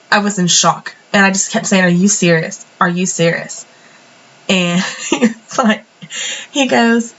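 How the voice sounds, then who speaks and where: A woman's voice: mid-range voice, fairly bright tone, lo-fi sound. Chatty young woman, sniffly with a cold. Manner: chatty, rambling, many fillers and restarts. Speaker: planner vlogger. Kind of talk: casual storytelling voice-over.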